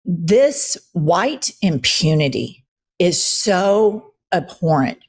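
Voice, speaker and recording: A woman's voice: fairly low pitch, very animated, extremely slow, husky. A woman hosting a political commentary show, talking bluntly, profanely and with heavy emphasis.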